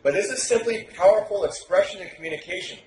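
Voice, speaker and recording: A man talking as a dating coach, loud and emphatic, projecting his voice hard and swearing freely. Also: high voice, fast. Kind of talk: animated podcast talk. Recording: roomy echo, faint noise.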